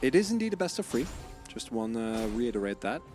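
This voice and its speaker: A man's voice: mid-range voice, very animated, a little fast, music in the background. A man giving color commentary on an esports match in a joking, banter-heavy way.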